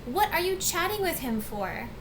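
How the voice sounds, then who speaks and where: A woman's voice: normal speed, background noise, natural voice. Screaming hysterical rich mother, as a woman puts her on. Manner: shrill, screaming.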